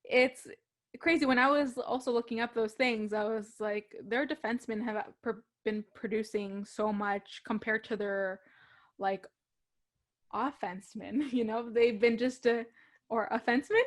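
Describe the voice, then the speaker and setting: Chatty young woman, slightly high voice. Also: fairly even intonation, measured pace. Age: young adult. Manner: chatty, laughs often. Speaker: co-host. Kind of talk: casual sports talk.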